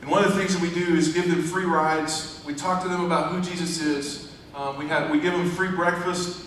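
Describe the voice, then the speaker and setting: A man's voice: on the high side, flat delivery, brisk, fairly bright tone, slight background noise. Man telling a story in an echoey hall. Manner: storytelling, conversational with rising emphasis. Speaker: church speaker. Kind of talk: sermon testimony. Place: large church hall. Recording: echoey church hall from far off.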